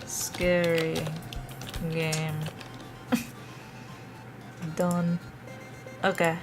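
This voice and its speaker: A woman's voice: lowish voice, completely flat delivery, drawn-out words, music in the background. A young adult woman streaming live, chatting with her viewers and reading a visual novel aloud, laughing often.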